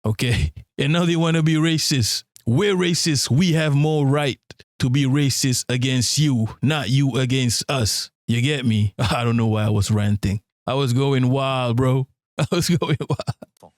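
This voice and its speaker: A man's voice: medium pitch, unhurried, few pauses, no echo, clean studio sound. A man streaming a casual reaction commentary, ranting in slang and laughing at himself.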